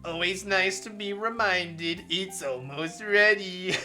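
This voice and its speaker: A man's voice: sits high, soft background music, full character voice. A man putting on a sweet, doting mother. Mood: gentle. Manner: slow, sweet and soft-spoken, reading with a grin. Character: gentle, doting mother of a teenage boy. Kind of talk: reading a visual novel aloud.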